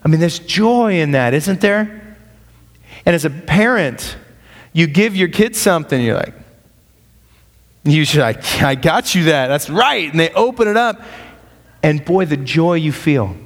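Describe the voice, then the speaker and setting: A man's voice: fairly high pitch, expressive, measured pace, long pauses. Male pastor preaching in a reverberant hall. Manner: conversational, joking asides, verse-by-verse. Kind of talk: sermon. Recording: long reverb of a large hall.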